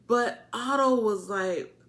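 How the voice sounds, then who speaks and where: A woman giving a casual, animated, colloquial TV episode recap, repeating her points for emphasis. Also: fairly high pitch, slow. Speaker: TV show reviewer.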